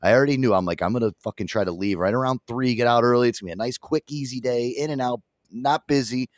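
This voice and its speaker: A man's voice: mid-range voice, quick pace, no room sound, studio quality. A man hosting a radio show, telling a story casually and swearing constantly.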